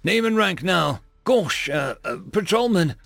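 Dude doing a mean alien mercenary grilling a prisoner, sneery and lively, storybook. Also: male voice, sits high, a little slow, creaky, no echo, voice pushed up, exaggerated voice. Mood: mocking. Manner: sneering, threatening. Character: irritable alien male mercenary interrogator, sneering.

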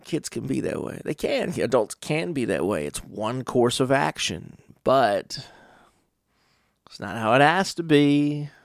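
Middle-aged male podcast host, gravelly, dry close sound, loose wry monologue. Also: medium pitch, very animated, measured pace, dry recording. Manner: rambling, wry, acts out quoted voices. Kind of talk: casual monologue.

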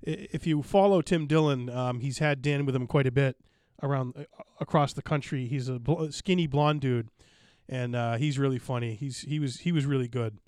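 A man's voice: medium pitch, normal speed, hardly any pauses, a little mellow, clear, resonant tone, no room sound, clean studio sound. A man in casual podcast chat, recounting a night out with enthusiastic, rambling talk full of fillers.

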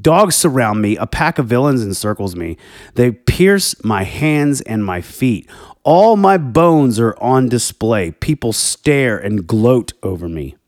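In clean studio sound with no room sound, a man hosts a personal faith talk on his podcast. He reads scripture aloud and speaks emphatically and heatedly, with animated swings in pitch.

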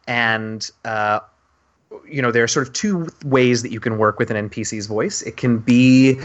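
A man co-hosting a casual podcast about running tabletop games, talking in an earnest, animated way with lots of fillers and restarts. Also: medium pitch, normal speed. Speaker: podcast co-host. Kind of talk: casual discussion about tabletop game mastering.

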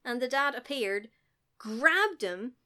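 A woman's voice: high-pitched, animated, slow, pushed and bright, smooth. A woman in casual chat, rambling through a film recap and acting out the lines she quotes. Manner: rambling, laughs often, acts out quotes.

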